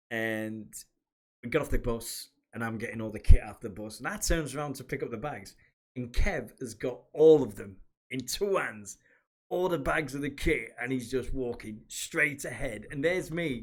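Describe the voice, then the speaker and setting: A man's voice: medium pitch, normal speed. A man hosting a podcast, reminiscing in a rambling, chatty way. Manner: rambling, chatty, with many restarts. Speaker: podcast host and former kit man. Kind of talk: casual reminiscing monologue.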